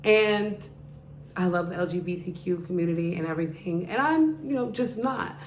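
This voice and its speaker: Speaking at a moderate pace in a voice on the low side, this podcast host rambles through a casual story, leaning heavily on "like" and "you know." Her room is echoey, with slight background noise.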